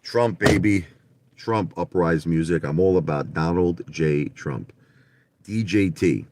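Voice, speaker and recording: A man's voice: sits low, slow, background noise. A man hosting a casual livestream about stocks, brash and profane, repeating himself, recorded at home. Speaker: livestream host on stock trading.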